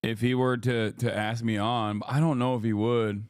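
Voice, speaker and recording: A man's voice: mid-range voice, level tone, normal speed, a little mellow, smooth, no room sound. Streamer guy ranting to chat, swears a lot, dead dry sound. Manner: rambling, profane, lecturing chat. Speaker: livestream host. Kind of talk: casual streaming commentary.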